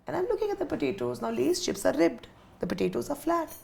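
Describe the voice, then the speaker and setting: A woman, telling an animated work story in casual chat and acting out the people she quotes. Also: high-pitched, fast talker, vocal fry. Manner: animated, acts out quotes, laughs while telling. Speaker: guest director. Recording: faint background noise.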